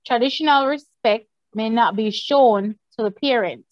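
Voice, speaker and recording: A woman's voice: on the high side, moderate pace, dry recording. A woman from the Caribbean moderating an online discussion club meeting, speaking in a plain, instructive way. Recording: slightly muffled video call audio.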